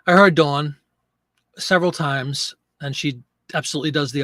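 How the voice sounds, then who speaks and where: A man's voice: fairly high pitch, normal speed, a bit bright, dry recording, clean studio sound. A man hosting a live selling stream, chatting casually and joking as he reads viewer comments aloud.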